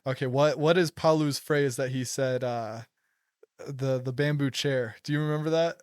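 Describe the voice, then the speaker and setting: Young host, giggly storyteller with a smooth, clear voice, recorded dry and close. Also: male voice, mid-range voice, moderate pace, dry recording. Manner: laughs a lot, excitable storytelling. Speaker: podcast host. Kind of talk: casual chat.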